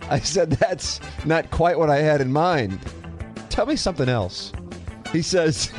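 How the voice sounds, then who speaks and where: A man hosting a sports radio show, reading listener emails in a dry, deadpan way. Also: a little high, a little slow, soft background music.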